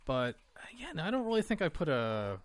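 Quick-talking guy cohosting a podcast, dry close sound, easygoing. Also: fairly high pitch, no echo. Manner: quick, relaxed, conversational with restarts. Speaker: podcast co-host. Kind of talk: casual chat.

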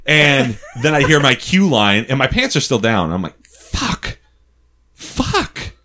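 A man telling a funny story in a casual, animated, profane way, laughing often. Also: medium pitch, normal speed.

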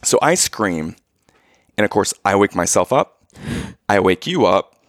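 A young man co-hosting a casual chat, telling a story in a lively, animated way and acting out his own yells. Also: lowish voice, a little slow, no echo, studio quality.

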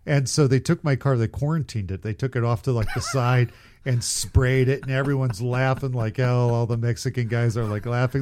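A man's voice: mid-range voice, fairly even intonation, normal speed, a little mellow. Rambling, profane storytelling man. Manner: rambling, profane, laughs through his own story. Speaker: podcast co-host. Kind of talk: casual storytelling chat.

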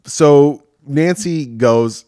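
A man co-hosting a film podcast, recapping scenes in a profane, animated way with quick voiced asides. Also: a little high, dry recording, clean studio sound. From New York. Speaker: podcast co-host. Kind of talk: casual film-discussion chat.

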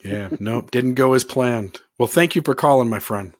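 A man hosting a call-in show, talking with callers in a relaxed, friendly way. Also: mid-range voice, moderate pace, dry recording, studio quality. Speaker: host.

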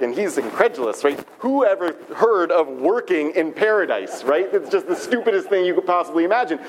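Rabbi, high male voice, lively storyteller, conversational sermon. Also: fairly quick, few pauses, slight background noise.

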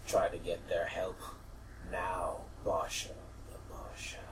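Man putting on a giant orc deity for a tabletop game: slow, breathy, low, looming. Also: monotone, distant mic, poor audio. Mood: ominous. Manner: slow, low, half-whispered pronouncements. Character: ominous ancient orc god, huge and menacing.

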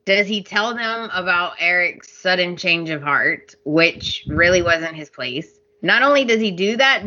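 A woman co-hosts a podcast in casual, exasperated chat and laughs often. Her voice is bright and forceful, and she speaks at an unhurried pace. The audio is a bit dull and lo-fi. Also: lowish voice, lively intonation, slight background noise. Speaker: podcast co-host. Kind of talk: casual chat recapping a soap opera.

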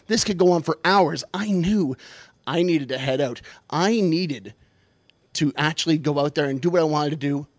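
A man's voice: on the high side, no room sound. Self-mocking man with a dry sound. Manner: self-deprecating, animated, punchline-driven. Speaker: storyteller. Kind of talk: comic personal storytelling.

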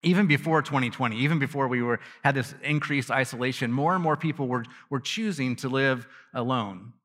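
This man's mid-range voice comes across bright and pushed as he delivers a sermon as a pastor. He chats with the congregation casually, cracks self-deprecating jokes, laughs and frequently starts phrases over. Long reverb from a big hall surrounds him.

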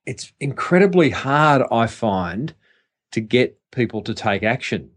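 A man's voice: medium pitch, very animated, measured pace. A man co-hosting a marketing podcast, talking through his observations about clients in a thoughtful, casual way. He restarts sentences and leans on fillers as he works out what he means. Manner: reflective, hesitant restarts, frequent fillers. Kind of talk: casual business chat.

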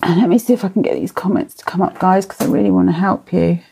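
A woman's voice: fairly low pitch, steady tone, fast talker, gravelly, mellow, a little hiss or hum. A woman in her thirties or forties running a live parenting workshop. She chats, laughs and sighs, and answers viewers by name as she reads their comments.

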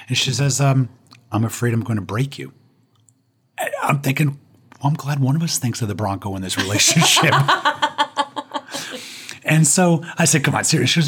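A man's voice: medium pitch, animated, normal speed, long pauses, fairly bright tone, breathy edge. A man, a guest on an interview show, telling a personal story with self-deprecating humor and punchlines.

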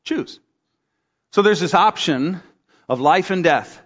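Animated pastor in a reverberant hall. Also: male voice, a little slow. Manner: animated storytelling, acts out quotes with big pitch jumps. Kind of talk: sermon. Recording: dull sound with long hall reverb.

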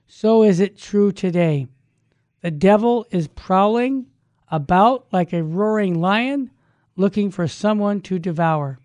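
A man, a Catholic evangelist, telling a story and then teaching in an animated, folksy way. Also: sits high, takes it slowly, dry recording.

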